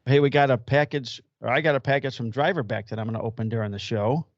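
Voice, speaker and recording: This is a middle-aged man with an average-pitched voice, hosting a podcast in a loose, rambling, hesitant way. The recording is dry and slightly dull. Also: fast, no room sound. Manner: easygoing, rambling, hesitant with ums. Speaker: podcast host. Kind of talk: casual chat.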